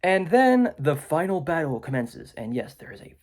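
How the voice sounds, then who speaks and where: A man's voice: on the high side, sing-song, moderate pace, a little mellow. A man giving a rambling, sarcastic movie review indoors, full of ums and asides. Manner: sarcastic, filler-heavy with many ums. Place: indoors, room with a window.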